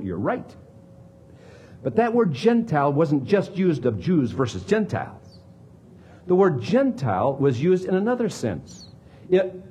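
A man preaching a sermon as a pastor, with dramatic swings between emphatic lines and hushed ones. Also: on the high side, a little hiss or hum.

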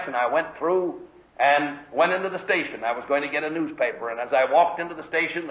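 A middle-aged male preacher with a fairly high voice, delivering his sermon as animated storytelling full of emphatic rhetorical questions. The sound is thin and tinny, like an old phone-band recording, and the room rings with echo.

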